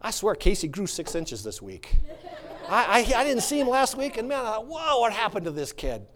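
A male pastor preaching a sermon, swinging from quiet musing to fervent shouting. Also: sits high, huge pitch swings, normal speed.

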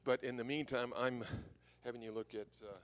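An older man giving an anecdotal sermon as a visiting preacher, telling stories in a lively way and chuckling at his own jokes. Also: mid-range voice, a little fast.

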